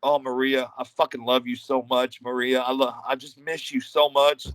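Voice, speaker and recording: A man's voice: medium pitch, flat delivery, normal speed, a bit bright, dry recording, close to an everyday voice, rough recording. A man doing a heartbroken wrestler moaning for his ex. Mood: mournful.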